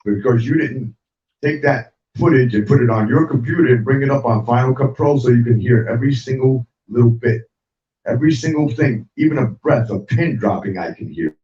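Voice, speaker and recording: A man's voice: medium pitch, a little fast. A middle-aged man hosting an online talk show, ranting angrily and profanely and repeating himself as he speaks straight to viewers. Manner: angry, profane, repetitive, talks straight at viewers. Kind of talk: heated livestream rant. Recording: dull, roomy sound from a distant mic.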